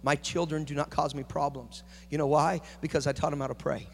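Male pastor, high-pitched, preaching at a conference with swings from quiet story to loud exhortation, big reverberant hall. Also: little pitch movement, a little fast, gravelly, a little hiss or hum. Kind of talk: conference sermon.

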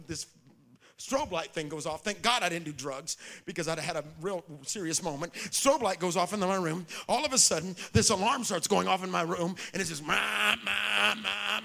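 A man preaching a sermon, swinging from shouted lines to hushed whispers. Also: high-pitched, gravelly.

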